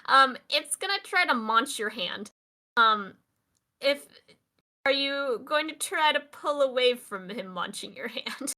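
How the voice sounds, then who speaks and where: A woman's voice: sits high, animated, measured pace, pushed and bright. A woman narrating a tabletop game as game master, casual, with many fillers.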